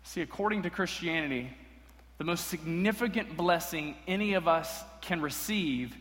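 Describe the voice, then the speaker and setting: A man's voice: a little high, expressive, a little slow, a bit bright. A man preaching a sermon as pastor, earnest and emphatic, repeating key lines for weight. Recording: long hall reverb.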